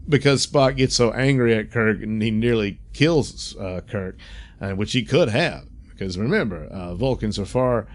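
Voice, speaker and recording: A man casually recapping and reviewing a TV episode, chatty, with frequent laughs and fillers. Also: lowish voice. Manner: chatty, laughs often, many fillers, quick voice impressions. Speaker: reviewer, host.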